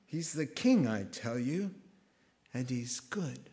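Stern male beaver voiced by a man, storybook reading, emphatic, lively pitch. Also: slow pace. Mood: insistent.

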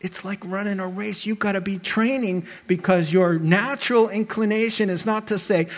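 A male pastor delivering a sermon with a voice pitched a little above most men's. He talks in an animated, emphatic way, leaning on rhetorical questions to drive each point home. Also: moderate pace, few pauses.

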